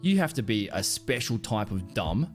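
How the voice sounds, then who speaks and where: A man's voice: fairly low pitch, sing-song, moderate pace, soft background music. A man streaming live, chatting casually and reacting to clips, rambling, swearing and laughing often.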